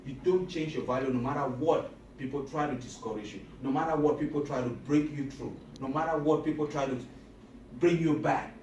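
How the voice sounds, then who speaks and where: Speaking to a hall full of high school students, a motivational speaker pushes his message with emphatic repetition and questions thrown to the crowd. He talks fairly quickly in a slightly mellow voice, captured from a distance in an echoey room where a faint hum of room noise sits underneath. The recording has its high frequencies cut off.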